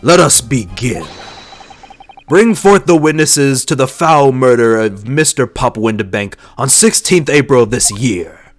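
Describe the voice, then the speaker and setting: A man voicing a stern older male judge who speaks formally and deliberately. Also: medium pitch, lively intonation, soft background music. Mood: solemn. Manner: solemn, formal and measured.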